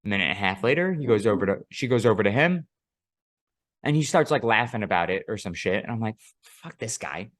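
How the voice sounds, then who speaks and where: A man's voice: lowish voice, animated, fast, fairly bright tone, dry recording, studio quality. A man co-hosting a podcast, telling a long story in casual chat, profane and rambling, often laughing. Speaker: podcast co-host.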